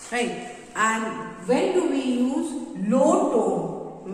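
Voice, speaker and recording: Slow, echoey Indian English teacher woman. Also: fairly high pitch. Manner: explains slowly with many fillers and repetitions. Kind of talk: classroom lesson to children. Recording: echoey room with long reverb.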